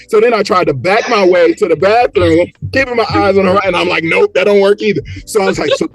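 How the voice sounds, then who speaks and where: A man telling a story as a podcast guest, animated and acting out the quotes and motions as he goes. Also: high-pitched, fast talker, few pauses, dry recording. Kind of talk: casual storytelling.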